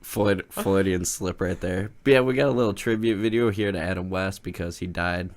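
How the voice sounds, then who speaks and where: A man with a very low voice and a gravelly rasp, chatting loosely with his co-hosts on a podcast. He jokes around and laughs often as he talks. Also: moderate pace. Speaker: podcast co-host. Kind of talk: casual chat.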